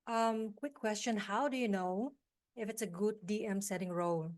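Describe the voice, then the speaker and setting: A woman's voice: mid-range voice, moderate pace. A woman taking part in a group coaching call, asking a question hesitantly with fillers. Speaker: program participant asking a question.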